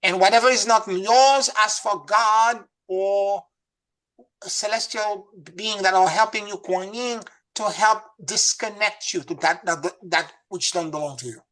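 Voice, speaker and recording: A man's voice: sits high, measured pace, bright, forceful tone. A man teaching a live class as a spiritual teacher, emphatic and instructive, repeating key words.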